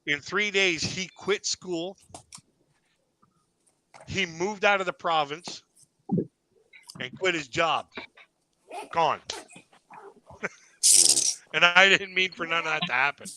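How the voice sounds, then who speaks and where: A man's voice: a little high, slow pace, pauses often, pushed and bright, poor audio. A man hosting a live online comedy panel, telling a long rambling anecdote and laughing at his own story. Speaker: stand-up comedian host.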